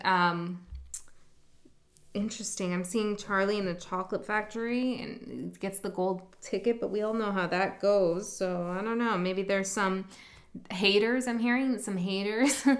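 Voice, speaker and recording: A woman's voice: mid-range voice, steady tone, measured pace. Chatty woman giving a tarot reading. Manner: chatty and upbeat, laughs often mid-sentence. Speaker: tarot reader. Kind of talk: casual tarot reading to camera.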